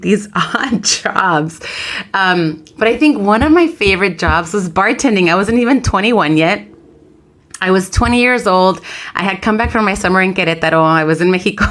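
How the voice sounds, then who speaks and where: A young woman co-hosting a podcast, telling a lively story in casual chat and acting out the people in it. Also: mid-range voice. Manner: lively storyteller, animated quoted voices. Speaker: podcast co-host.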